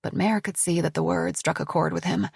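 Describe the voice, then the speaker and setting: A woman narrating a suspense novel in a measured storytelling manner. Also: fairly low pitch, steady tone, gravelly, darkish tone, slightly rough, no echo, studio quality. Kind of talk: audiobook narration.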